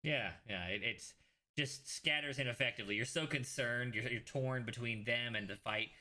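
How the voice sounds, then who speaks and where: A man's voice: medium pitch, moderate pace, sharp tone. A man running a tabletop game as game master, narrating casually with fillers and restarts.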